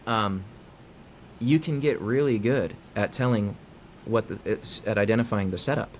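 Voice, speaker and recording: A man with a fairly low voice explains how people behave, in an easy conversational way. He slips into quoted dialogue with shifting inflection. A faint background noise sits under the recording. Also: moderate pace. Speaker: guest psychologist.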